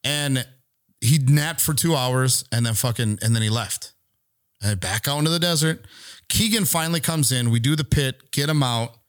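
A man's voice: mid-range voice, normal speed, no echo, clean studio sound. A man on a podcast telling a long story in casual chat, rambling and swearing freely as he acts out what people said. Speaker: podcast co-host.

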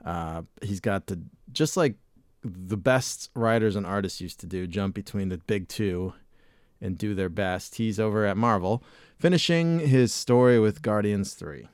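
Low-ish guy on a podcast, rambly and laid back, cusses a lot, dry close mic. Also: a little slow, a little mellow, no room sound. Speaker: podcast host. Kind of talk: casual chat.

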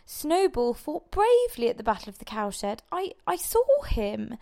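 A woman voicing a simple, loyal male cart-horse who speaks slowly and earnestly. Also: fairly high pitch, very animated, gravelly, mellow, full character voice.

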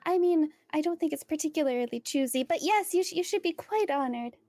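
A woman with a high voice plays a tabletop game and speaks partly in character. She is chatty and giggly, and now and then slips into a put-on accent. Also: animated, brisk, a little mellow, no echo. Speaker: player.

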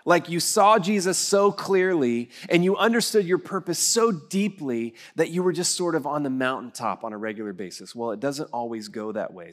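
Storytelling male pastor preaching. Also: mid-range voice. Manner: storytelling, acts out quoted voices. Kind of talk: sermon.

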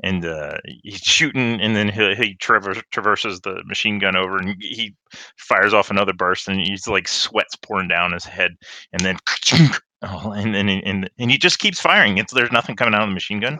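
A man playing a tabletop game, describing his character's actions in an excited, run-on way. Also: on the low side, normal speed, no room sound, poor audio. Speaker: player. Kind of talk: casual tabletop play.

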